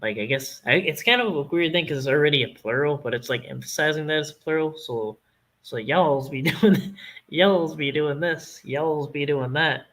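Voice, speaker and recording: Bright-voiced rambling Canadian man. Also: fairly high pitch, brisk, rough recording. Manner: rambling, joking, swears freely. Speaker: streamer. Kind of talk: casual chat.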